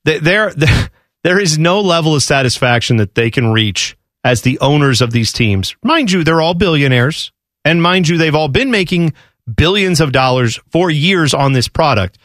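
A man hosting casual sports talk who rants with an animated delivery and frequent restarts. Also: a little high, normal speed, no echo, clean studio sound. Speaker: sports radio host.

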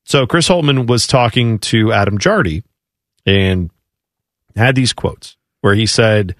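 A man hosting a casual sports talk radio show, chatty and bantering quickly with his co-host. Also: fairly low pitch, expressive, fairly bright tone, no room sound, clean studio sound. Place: radio studio. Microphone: studio microphone.

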